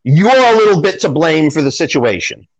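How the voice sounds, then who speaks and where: Very animated and fairly high-pitched, a man co-hosts a casual podcast at normal speed with lo-fi sound. He mocks himself, leans sarcastic, and mimics the voices of those he quotes.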